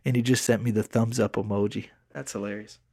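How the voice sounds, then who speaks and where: A man's voice: on the low side, a little fast, husky, dry recording. A man, co-hosting a podcast in casual chat, telling stories with swearing and mock voices. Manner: animated storyteller, acts out texts in mock voices, swears freely. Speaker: podcast co-host.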